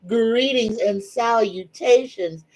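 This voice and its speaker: A middle-aged woman, hosting a casual psychic livestream and greeting viewers in a slow, folksy, drawn-out way. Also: a little high, darkish tone, rough recording. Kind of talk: casual live-stream chat.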